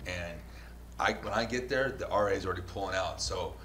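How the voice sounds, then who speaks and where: A man, hosting a casual talk show and telling a rough street story full of swearing. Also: sits low, a little fast, fairly bright tone. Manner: profane, storytelling, laughs often. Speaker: show host and news videographer. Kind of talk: casual podcast chat. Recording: echoey room with faint noise.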